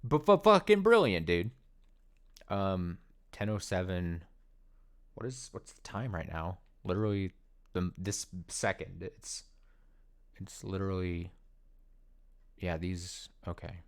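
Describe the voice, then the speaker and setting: Excitable low-voiced male game streamer. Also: slow, pauses often. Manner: excitable, swearing, laughing often. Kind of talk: casual let's play commentary.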